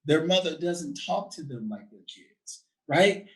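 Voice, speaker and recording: A man in his thirties talking in an animated, chatty way, laughing and checking in often with his listener. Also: a little high, unhurried, rough recording. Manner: animated, laughing, frequent "right?" tags. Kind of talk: casual conversation.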